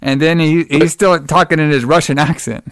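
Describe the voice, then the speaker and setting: Male podcast host, smooth clear voice, dry close sound, loose rambling chat full of swearing. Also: fairly high pitch, steady tone, normal speed, a bit bright, no room sound. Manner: rambling, laughing, swears freely.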